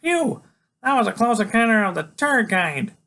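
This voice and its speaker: A man voicing an excitable, brainy small teenage boy who shouts in a high voice. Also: normal speed, full character voice. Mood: giddy.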